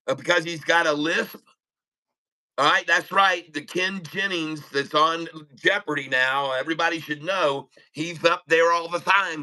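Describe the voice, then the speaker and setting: A man's voice: fairly high pitch, sharp tone, rough recording. A man with a lisp, chatting casually and joking on a live trading stream, laughing often. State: lisping. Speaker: day trader livestreaming.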